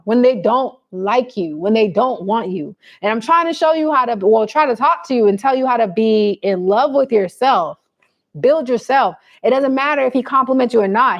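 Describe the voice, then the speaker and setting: A woman vlogger giving blunt, preachy advice to her viewers in a casual chat. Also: fairly high pitch.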